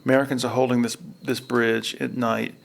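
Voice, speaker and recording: Gravelly man chatting outdoors. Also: mid-range voice, level tone, brisk. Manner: rambling storyteller, acts out film quotes. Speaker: podcast host. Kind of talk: casual chat. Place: outdoors at a state park by a river.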